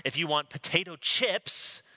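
An American man preaching from the pulpit in a very bright, ringing voice that sits a little above the usual for a man. He tells his stories in a loose, conversational way and leans on dramatic pauses to land each point. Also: a little high, lively intonation. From United States. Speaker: pastor. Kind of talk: sermon.

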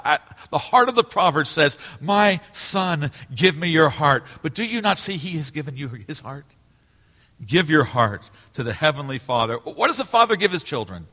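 A middle-aged male pastor preaching a sermon, earnest, moving between loud emphasis and hushed, quiet passages. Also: mid-range voice. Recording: long reverb of a large hall.

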